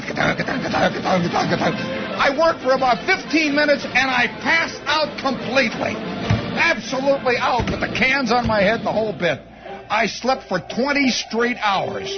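Guy rambling thru a funny story, high voice, dull lo-fi sound, faint music behind. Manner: animated, digressive, breaks into laughter and sound effects. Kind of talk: rambling comic storytelling monologue.

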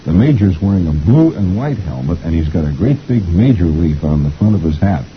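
Deep folksy man rambling over the comics. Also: very animated, brisk, lo-fi sound, slight background noise. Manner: folksy, rambling, chuckling often. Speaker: host reading the comics aloud. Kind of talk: chatty live comic-strip reading.

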